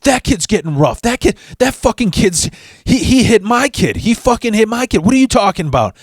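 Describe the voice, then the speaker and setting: A man's voice: high voice, very animated, brisk, husky, no echo, clean studio sound, voice pushed up, exaggerated voice. A man voicing a screaming, foul-mouthed redneck mother who is hostile and swears constantly. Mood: furious yelling.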